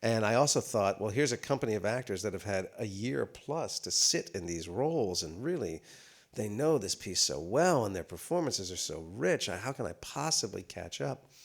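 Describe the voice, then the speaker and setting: A man's voice: on the low side, lively intonation, moderate pace, creaky. A man in his fifties, a guest actor on stage at a live talk, telling comic anecdotes full of fillers and restarts. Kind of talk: storytelling on stage. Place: theater stage before a live audience.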